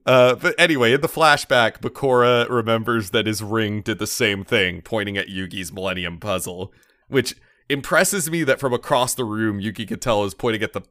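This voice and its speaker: Male podcast co-host, bright tone, dry mic, chatty recap with digressions. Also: on the low side, moderate pace, dry recording. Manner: rambling, animated, many fillers and asides. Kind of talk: casual anime recap chat.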